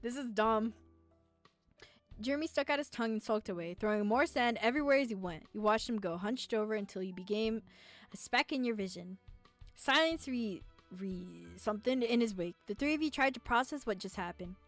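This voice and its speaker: A woman streamer with a slightly high voice reads a visual novel aloud in a playful, giggly way. She keeps breaking off to talk back to the characters and tease them. Soft game music plays faintly behind her. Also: fairly quick. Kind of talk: let's play, reading a visual novel aloud.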